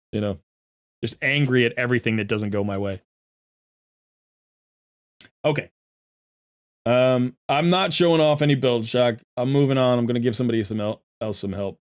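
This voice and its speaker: A man's voice: mid-range voice, normal speed, pauses often. A man streaming a game and coaching viewers, talking bluntly and emphatically and often repeating himself, sounding a bit irritated. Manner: sounds irritated while sorting gear. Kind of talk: casual livestream commentary.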